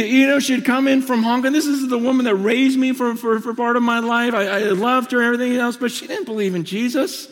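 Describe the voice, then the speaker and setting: A man in his forties preaching a sermon, telling personal stories with passion and quick restarts. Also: very high-pitched. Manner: impassioned, confessional storytelling with quick restarts. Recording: long reverb of a large hall.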